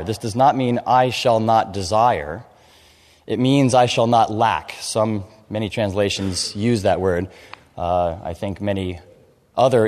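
Low-voiced man preaching in reverberant hall. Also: darkish tone. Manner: measured, explanatory, reads scripture aloud. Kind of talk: expository sermon.

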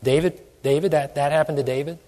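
A man's voice: a little high, fairly even intonation, fast, warm tone. A man preaching a sermon, asking many questions and stretching out phrases for emphasis. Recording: long hall reverb.

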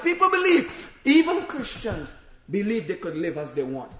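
A man preaching a sermon, telling the story dramatically and shouting at times for emphasis. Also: high-pitched, moderate pace, echoey room, dull audio. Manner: animated storytelling, acting out voices and shouting for emphasis.

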